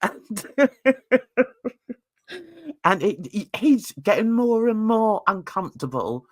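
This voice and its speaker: A woman's voice: medium pitch, sing-song, takes it slowly, a little mellow. A woman reviewing a reality TV show in casual commentary. She sounds gossipy and blunt, laughs often, and uses cheeky slang.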